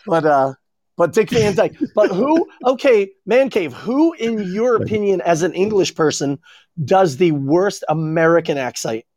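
A man talking on a casual podcast over a remote call, with a lively, swooping voice pitched a little high. He rambles, jokes and swears, and the sound is dry and close. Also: measured pace, no room sound. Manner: rambling, joking, swears freely. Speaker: podcast co-host.

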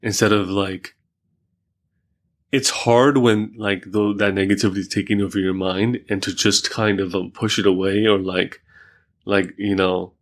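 A man's voice: lowish voice, steady tone, normal speed. A man hosting a podcast, talking casually and reflectively, with lots of fillers and worked examples. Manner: reflective, many fillers, talks through examples. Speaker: podcast host. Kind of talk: casual conversation.

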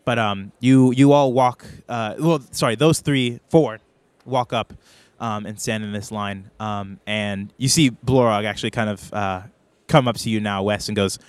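A man running a tabletop role-playing game as game master, narrating in a hesitant way with many pauses and restarts. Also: fairly low pitch, steady tone, clean tone, no echo.

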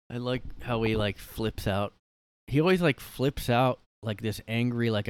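A man's voice: mid-range voice, unhurried, clean tone, dry recording. A man ranting casually and sarcastically from his room, rambling with fillers. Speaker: vlogger. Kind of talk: casual rant.

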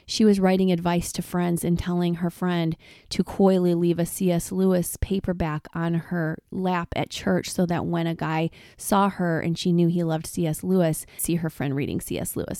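A woman in her forties, chatty and laughing often, telling personal stories in a relaxed podcast monologue. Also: on the low side, moderate pace, no room sound, clean studio sound. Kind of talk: casual personal storytelling.

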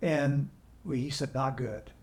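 Earnest male podcast guest, halting emotional storytelling, roomy audio. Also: medium pitch. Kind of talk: candid storytelling. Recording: echoey room, AI-salvaged audio.

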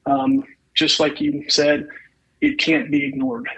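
A man as an interview guest, polite and halting, with many ums. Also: on the high side, level tone, a bit bright, rough recording.

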